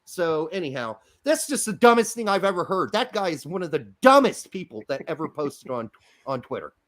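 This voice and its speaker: A man co-hosting a podcast, letting loose in a casual rant with a self-mocking edge. His voice sits fairly high and swoops widely in pitch as he talks. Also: a little fast. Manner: animated, ranting, self-mocking. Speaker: podcast co-host. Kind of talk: casual ranting chat.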